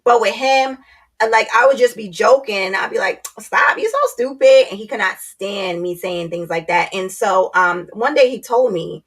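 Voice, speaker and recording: A woman's voice: mid-range voice, normal speed, slightly rough. A woman vlogger giving blunt, candid relationship advice in a casual talk to camera, speaking straight to her viewers.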